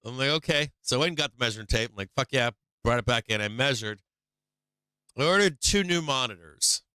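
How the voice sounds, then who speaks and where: A man's voice: medium pitch, expressive, fast talker, sharp tone, clear, resonant tone, no room sound. A middle-aged man hosting a stock market livestream, rambling casually with lots of swearing and "like" fillers. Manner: rambling and profane, heavy on "like" fillers.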